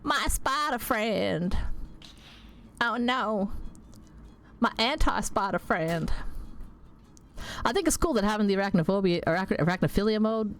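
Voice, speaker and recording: A woman's voice: medium pitch, normal speed, long pauses. A woman streaming a game, chatting casually in a rambling way, swearing freely and laughing at herself. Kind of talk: casual chat while playing a game.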